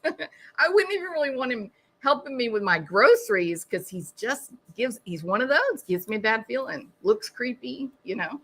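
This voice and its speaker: A woman's voice: fairly high pitch, sing-song, normal speed, fairly bright tone. Wry chatty woman hosting a live stream. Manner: wry, chatty, laughs at her own jokes. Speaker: host of a true crime live stream. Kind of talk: casual live-stream chat reading comments.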